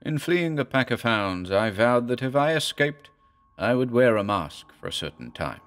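A man voicing a tall, thin, masked wanderer who speaks with soft, old-fashioned courtesy. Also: medium pitch, sing-song, moderate pace, pitched above the performer's own voice. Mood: courteous. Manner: softly courteous, archaic speech.

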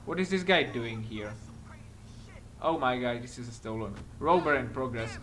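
A man giving excitable let's-play commentary while acting as a patrol cop in a game, speaking non-native English with small slips, swearing and laughing often. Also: medium pitch, normal speed. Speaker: gaming commentator.

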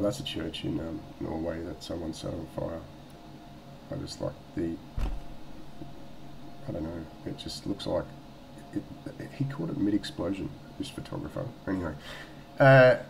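Man, Australian accent, casual vlog storytelling, rambling, sweary, fairly low voice. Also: creaky, background noise. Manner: rambling, sweary, lots of fillers and restarts. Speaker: vlogger. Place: at home.

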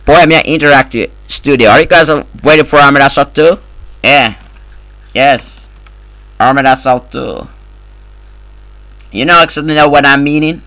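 A man trolling other players in game voice chat, loud and profane, speaking in broken English. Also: fairly high pitch, moderate pace, pauses often, dry recording, poor audio. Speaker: gamer in voice chat.

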